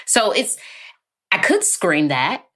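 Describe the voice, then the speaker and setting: A woman guest on a podcast interview, talking calmly and evenly, sometimes acting out quoted lines. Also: medium pitch. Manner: calm, measured, acts out quoted lines. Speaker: therapist guest.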